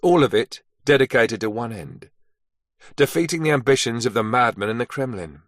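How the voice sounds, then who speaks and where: A man narrating an action thriller audiobook in a measured, steady read. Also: medium pitch, no room sound, clean studio sound. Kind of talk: scripted narration.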